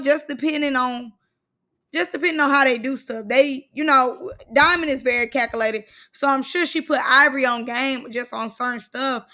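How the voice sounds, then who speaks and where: A woman's voice: sits high, bright, forceful tone. A woman vlogger recapping a reality show in casual, blunt, slangy commentary.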